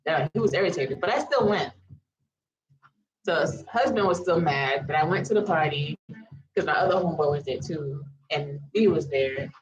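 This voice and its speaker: A woman's voice: low voice, animated, normal speed. A woman vlogger telling a candid personal story in a frank, casual way, swearing freely. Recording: slightly dull lo-fi audio.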